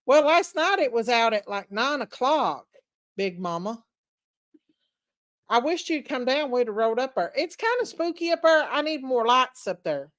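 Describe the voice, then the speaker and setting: A woman chatting casually to viewers on a livestream from her farm home, rambling and addressing them as y'all. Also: fairly high pitch. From Tennessee. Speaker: livestream host. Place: farm, outdoors then indoors at home. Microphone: phone or laptop.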